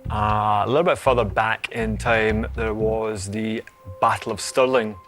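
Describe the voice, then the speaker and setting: A man on a quiz panel works back through dates in a measured, methodical way. His voice is somewhat low. Faint music plays under him. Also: steady tone, a bit bright. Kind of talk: reasoning aloud on a quiz.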